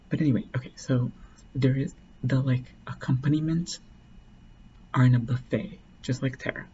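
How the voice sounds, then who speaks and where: A man's voice: mid-range voice, fairly even intonation, moderate pace, long pauses, warm tone, highs cut off, slight background noise. A man casually telling a long, rambling story, full of "like" and restarts. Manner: rambling, heavy use of "like".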